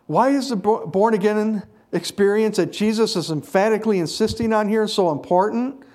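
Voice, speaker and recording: A man delivers a sermon in a fairly high voice. He preaches earnestly and leans hard on repeated phrases to drive each point home. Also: moderate pace, hardly any pauses, darkish tone.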